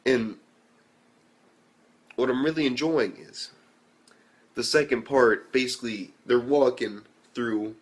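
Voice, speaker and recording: A young man giving a casual anime review, animated and swearing freely as he retells scenes. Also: mid-range voice, slow, pauses often. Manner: animated, swears a lot, acts out quotes.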